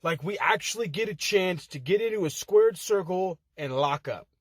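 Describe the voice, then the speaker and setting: A man's voice: high voice, expressive, moderate pace, husky, dry recording, clean studio sound. A man recorded inside a car, cutting a swaggering wrestling trash-talk promo full of heated profanity. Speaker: contestant in an online promo-cutting contest.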